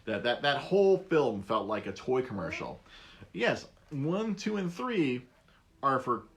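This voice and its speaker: Lively rambling male podcast host. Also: mid-range voice, measured pace. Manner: rambling, many restarts, animated. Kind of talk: casual podcast monologue.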